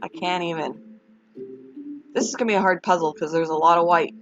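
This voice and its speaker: A woman's voice: fairly low pitch, fairly even intonation. A woman live-streaming a puzzle game, venting and sighing as she chats with viewers. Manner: upset and venting, sighing, talks slowly. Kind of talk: casual live-stream chat while doing a puzzle. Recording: dull lo-fi sound with music behind. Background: background music.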